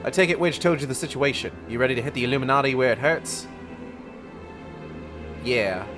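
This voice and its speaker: A man doing a gruff accented scout. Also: mid-range voice, fairly quick, music in the background, natural voice. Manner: put-on vague accent, clipped.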